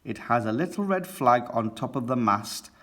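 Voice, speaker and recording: Male reader as a soft-spoken old grandpa pig, a touch lower than his own voice. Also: animated, normal speed. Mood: fussy.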